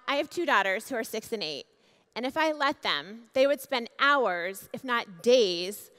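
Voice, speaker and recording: Keynote lady on stage, kinda high voice, big hall echo, slows down for emphasis. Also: bright, forceful tone. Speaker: keynote speaker. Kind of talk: conference keynote speech. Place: large conference hall. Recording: long hall reverb.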